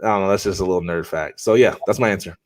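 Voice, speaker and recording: A man's voice: deep voice, racing. A man who is a podcast guest, chatting casually in a playful, joking way, using slang. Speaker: guest, former athlete. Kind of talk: casual interview chat. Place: home.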